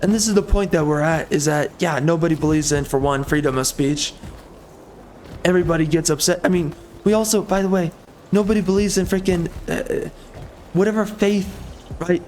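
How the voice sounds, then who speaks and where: A man's voice: fairly high pitch, normal speed, darkish tone, a little hiss or hum. A man ranting in heated, emphatic, repetitive commentary over gameplay. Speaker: gaming commentator.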